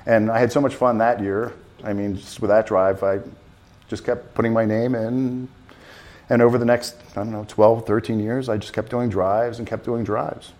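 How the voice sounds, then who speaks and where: A man telling a long story in an interview, rambling and animated with many restarts. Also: fairly low pitch, normal speed. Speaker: festival volunteer driver.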